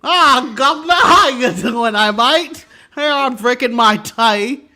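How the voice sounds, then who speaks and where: A man's voice: very high-pitched, takes it slowly, pushed and bright, full character voice. A man putting on a mocking fake British accent to play a brash, cheery cockney bloke.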